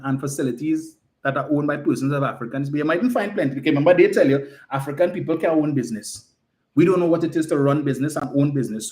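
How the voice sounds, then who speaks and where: Trini man giving a political speech, emphatic and mocking, voice a bit on the high side. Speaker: political campaigner.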